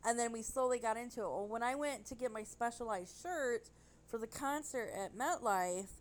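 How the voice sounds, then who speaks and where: A woman telling a rambling, animated story in casual chat. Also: a little high, normal speed, poor audio.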